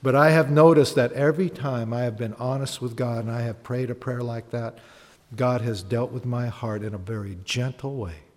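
A man's voice: mid-range voice, steady tone, normal speed. A man preaching a sermon as a pastor, talking conversationally, asking the congregation questions and acting out honest prayers. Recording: long hall reverb.

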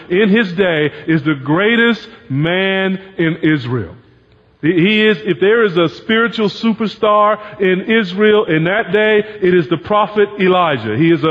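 A man preaching a sermon as pastor, animated, acting out the voices he quotes. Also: a little high, in a large hall, dull audio.

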